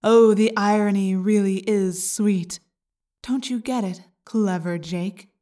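A woman voicing a gloating male alien parasite in an audiobook, slow and mocking. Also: medium pitch, fairly even intonation, warm tone, recorded from a distance, natural voice. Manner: slow, taunting, smug. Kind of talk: audiobook character reading.

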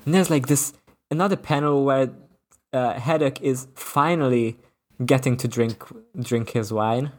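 A man from Italy talking about comics in an easygoing, meandering way, with lots of filler words. He sounds like a podcast co-host chatting with friends at a relaxed pace, circling back as he goes. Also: mid-range voice, moderate pace. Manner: rambling, full of "like" fillers. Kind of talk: casual comic book discussion.

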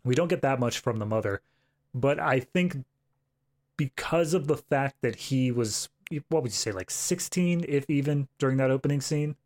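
A man's voice: mid-range voice, animated, moderate pace, darkish tone. A man co-hosting a podcast, chatting about a film with jokey asides. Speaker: podcast co-host. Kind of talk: casual film review chat.

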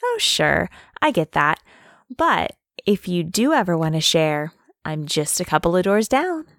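Brief: woman as relaxed young neighbor, lowish voice, unhurried, dry sound. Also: no echo. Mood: easygoing. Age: young adult. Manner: easygoing, friendly, casual. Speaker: dorm neighbor.

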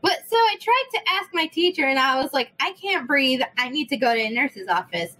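A young woman telling a story in casual chat, animated, swearing freely and acting out the people in it. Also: high-pitched, brisk, low-quality recording. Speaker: podcast host.

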